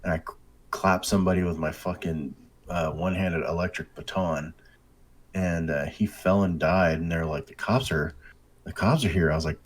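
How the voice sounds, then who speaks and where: A man co-hosting a casual gaming podcast, telling excitable, sweary game stories. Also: sits low, moderate pace. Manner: excitable storytelling, heavy swearing. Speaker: podcast co-host.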